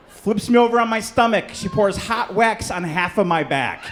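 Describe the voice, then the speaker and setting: A man's voice: high voice, lively intonation, moderate pace, slight background noise. A man from Chicago performing a stand-up comedy set on a club stage, brash and punchy, working the crowd. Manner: crowd work, brash punchy delivery with swearing. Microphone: handheld stage mic.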